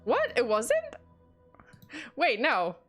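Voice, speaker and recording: A woman's voice: high voice, wildly swooping pitch, drawn-out words, a bit bright, soft background music. A young woman telling a true crime story on a livestream, greeting chat viewers between parts and laughing and swearing casually. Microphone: desktop USB mic.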